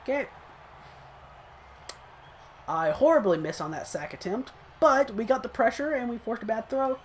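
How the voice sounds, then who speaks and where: A man's voice: very high voice, expressive, moderate pace, a little hiss or hum. A man casually commenting on his own football video game match, chatty and self-critical, breaking into short laughs. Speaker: gaming channel host.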